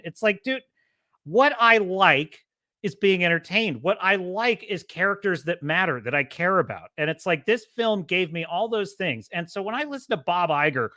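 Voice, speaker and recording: A man's voice: high-pitched, very animated, moderate pace, pushed and bright, no echo, clean studio sound. Fired-up, profane male podcast host. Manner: impassioned, profane ranting. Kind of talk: casual movie commentary.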